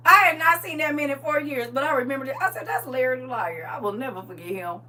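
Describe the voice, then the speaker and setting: A woman's voice: high-pitched, brisk. A middle-aged woman casually telling a story to her viewers, acting out the quotes and laughing as she goes. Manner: animated, laughing, acts out quotes. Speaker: livestream host. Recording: distant mic with faint hum.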